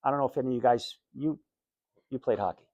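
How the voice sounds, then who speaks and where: A man giving a personal talk to high school students as a guest speaker, telling his story in a candid, plain, conversational way. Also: fast, darkish tone, no echo, highs cut off. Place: school classroom.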